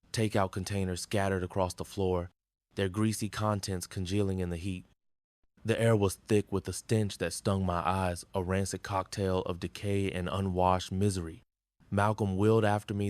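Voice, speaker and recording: Low male narrator, grim and measured, dry close recording. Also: darkish tone, no echo. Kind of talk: scripted story narration.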